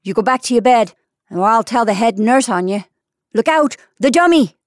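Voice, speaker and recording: A woman voicing a brash young Irish woman, a hospital patient, who talks loud and blunt. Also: on the high side, animated, moderate pace, no room sound, clean studio sound, natural voice. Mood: scolding.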